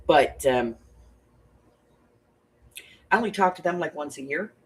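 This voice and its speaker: A woman with a low, husky voice hosts a relaxed craft livestream from home. She rambles cheerfully, jokes and laughs often, and her pitch swings widely as she talks through the prompts. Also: a little slow. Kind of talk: casual chatty craft livestream.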